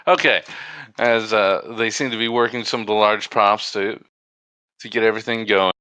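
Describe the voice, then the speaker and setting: A man serves as game master, narrating scenes in a halting, stop-and-start way. His voice is bright and forward, recorded close and dry with almost no room sound. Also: fairly low pitch, steady tone, clean tone, no echo.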